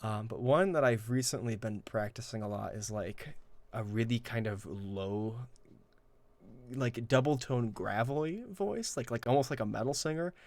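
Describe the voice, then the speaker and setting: Man, casual interview guest, rambling, full of fillers and restarts, self-deprecating, mid-pitched, dry close sound. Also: moderate pace, a little mellow, no room sound. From Ireland. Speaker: guest game master.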